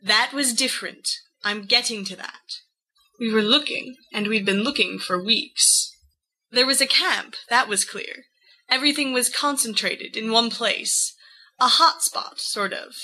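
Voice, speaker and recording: A woman's voice: a little high, unhurried, sharp tone, breathy edge, heavily acted, rough recording. A woman voicing a brash, cocky eighteen-year-old young man who tells his story in a boastful, rambling way. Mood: recounting.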